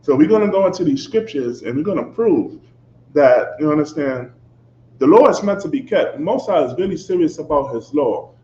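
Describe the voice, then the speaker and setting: A man with an expressive, mellow voice on the high side preaches at normal speed, swearing and confronting his listeners in a fiery way. He tacks "you understand?" onto almost every phrase, and the echoey, dull lo-fi audio carries faint background noise.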